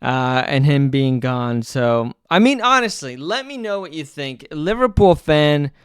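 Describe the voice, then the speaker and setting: A man's voice: fairly high pitch, sing-song, measured pace, clean tone, no echo, clean studio sound. A man giving casual, profane, exasperated commentary as a football vlogger, rambling with fillers.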